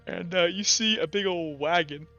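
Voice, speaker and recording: A man's voice: high-pitched, normal speed, fairly bright tone, soft background music. A man narrating a tabletop game as game master in a casual, rambling way, laughing easily, in a slightly muffled recording.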